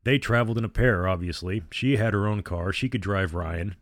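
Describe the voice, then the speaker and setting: A man narrating a storybook in a measured, even reading. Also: on the low side, no room sound, studio quality.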